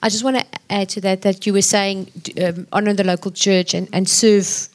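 A woman's voice: mid-range voice, flat delivery, normal speed. A woman on a church conference panel, earnestly urging listeners and repeating phrases for emphasis.

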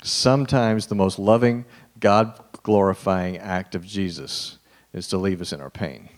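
At a measured pace and in a low-sitting voice, a man preaches to a live congregation in a chatty, informal style, speaking straight to them. To emphasize key points, he drops into a hushed tone.

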